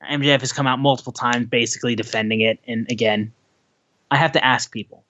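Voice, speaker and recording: A man co-hosting a casual wrestling podcast, ranting with animated sarcasm. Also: medium pitch, fast talker, dry recording, lo-fi sound. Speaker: podcast co-host.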